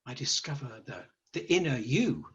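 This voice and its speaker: A scheming crow with a husky, lively voice, as a man puts him on. He lectures in a smug, persuasive way, his pitch swooping up and down. The storytelling recording sounds dull and lo-fi. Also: normal speed, exaggerated voice. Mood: lecturing. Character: smooth-talking, scheming male crow.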